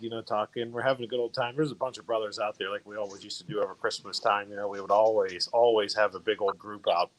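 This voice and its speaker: A man's voice: fairly low pitch, poor audio. A man on a video call telling a long, rambling story from his college years, full of fillers and restarts. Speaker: fraternity brother sharing memories. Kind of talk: casual storytelling.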